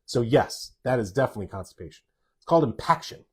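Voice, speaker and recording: This man talks fast and animatedly in a mid-range voice that's fairly bright and slightly rough. He's a doctor hosting a live Q&A, reading viewer questions out loud and responding plainly and directly.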